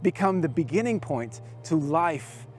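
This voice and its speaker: A man giving a storytelling sermon at a youth camp, dropping his voice low and soft for quoted words. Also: animated, a little slow.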